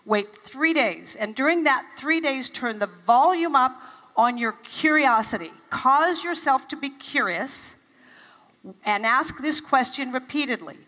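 Casting: older woman motivational speaker, bright higher voice, lively storyteller, big reverberant hall. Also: unhurried. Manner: animated, acts out her own past reactions. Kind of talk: storytelling teaching talk to a live audience. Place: large event hall.

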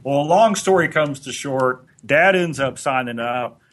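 A man co-hosting a podcast, telling a long anecdote in a relaxed, rambling way. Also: mid-range voice, unhurried. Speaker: podcast co-host. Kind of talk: anecdotal storytelling.

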